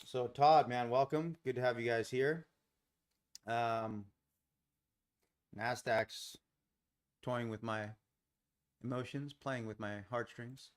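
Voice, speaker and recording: A man's voice: medium pitch, steady tone, slow, long pauses. An American man hosting a live trading stream, talking casually and rambling with lots of fillers while he chats with viewers. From United States. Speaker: livestream trading host.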